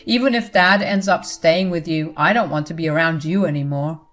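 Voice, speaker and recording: A woman's voice: deep voice, moderate pace, fairly bright tone, faint music behind. A young adult son speaks with firm, cold disgust toward his mother, voiced by a woman narrator. He is resolute and clipped. It is a storybook narration.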